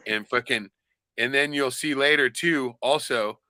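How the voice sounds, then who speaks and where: A man's voice: medium pitch, measured pace, bright, forceful tone, no room sound. A man on a casual podcast, rambling and swearing a lot, often tagging lines with "right?". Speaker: podcast co-host. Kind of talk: casual profane chat.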